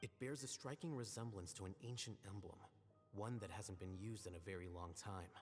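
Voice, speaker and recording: An actor playing a calm, reserved male scholar who explains things in a measured, composed way in game audio. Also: on the low side, long reverb tail, faint music behind, natural voice.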